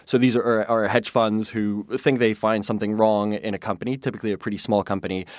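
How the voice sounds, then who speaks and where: Male host, low voice, wry and chatty, dry booth. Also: little pitch movement, fairly quick, no room sound. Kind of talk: casual discussion.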